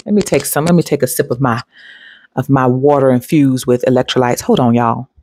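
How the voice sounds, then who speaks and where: Brisk and darkish, this woman's bass voice drives a preachy, emphatic motivational talk on her spiritual self-help channel. She addresses viewers directly and laughs readily between points.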